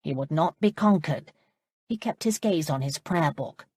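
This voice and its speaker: A woman narrating a historical romance audiobook in a calm, measured way. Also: deep voice, slightly rough, no echo, studio quality.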